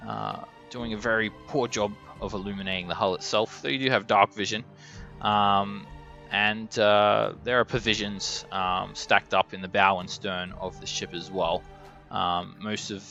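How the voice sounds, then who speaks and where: A man's voice: fairly low pitch, pushed and bright, highs cut off. A man running a tabletop game as game master, describing scenes with frequent ums.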